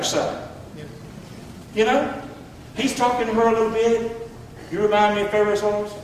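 A middle-aged male pastor preaching in a folksy, animated way, full of questions to the congregation. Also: sits high, a little hiss or hum. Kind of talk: sermon. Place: church sanctuary. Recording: echoey hall from far off.

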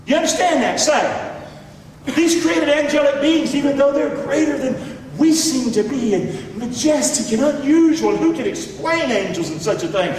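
A high-voiced man preaching in a church sanctuary, heard from a distance in a big hall with a long echo. He calls out to the congregation for answers and swings between ringing shouts and low, quiet asides. A faint hiss sits under the voice. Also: normal speed. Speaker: pastor. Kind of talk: sermon. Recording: echoey hall, mic far off.

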